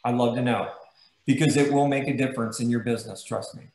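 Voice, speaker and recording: A man's voice: medium pitch, steady tone, quick pace, a little mellow, roomy sound, rough recording. A man as guest host, giving an emphatic, emotional motivational talk to sales agents, telling stories from his own experience.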